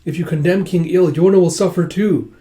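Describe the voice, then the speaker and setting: A man voicing an anxious noble mother who pleads with her son, raising his pitch a little. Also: fairly quick, mellow, natural voice. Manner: pleading, flustered.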